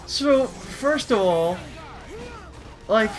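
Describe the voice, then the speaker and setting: A man giving crude, rambling comedic commentary while reading a comic aloud, with profane deadpan asides. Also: sits high, very slow, over music. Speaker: comedy video host.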